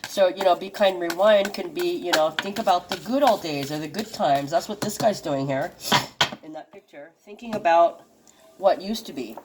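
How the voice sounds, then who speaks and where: A woman's voice: lowish voice, normal speed, noisy background. A woman doing a casual tarot card reading for her viewers. She talks chattily, swears freely and exclaims at the cards she draws.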